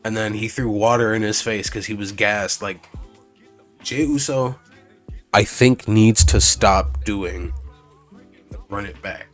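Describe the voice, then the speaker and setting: A man's voice: fairly low pitch, slow, pauses often, faint music behind. A young man casually recapping wrestling shows, rambling, swearing, restarting sentences and acting out what others said.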